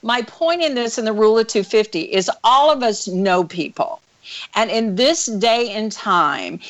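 A woman sales coach with an energetic, animated way of telling stories, speaking as a guest over a call. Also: on the high side. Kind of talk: storytelling interview answer. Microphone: call recording.

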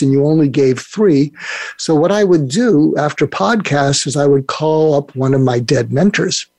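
A man's voice: medium pitch, darkish tone, no room sound. An older man speaking as a guest on a podcast interview, rambling and restarting his sentences often. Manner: rambling, with many restarts and fillers. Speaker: guest expert.

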